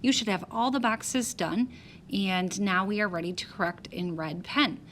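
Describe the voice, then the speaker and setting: A woman's voice: mid-range voice, normal speed, fairly bright tone, a little hiss or hum. A woman teacher patiently walking young pupils through answers step by step. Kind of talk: classroom lesson walkthrough.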